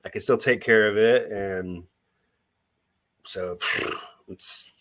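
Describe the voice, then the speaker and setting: Casual male live-streamer, low voice, loose and rambling, thanks viewers as they join. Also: fairly even intonation, takes it slowly, fairly bright tone. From Missouri. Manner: rambling, restarts, greets viewers by name.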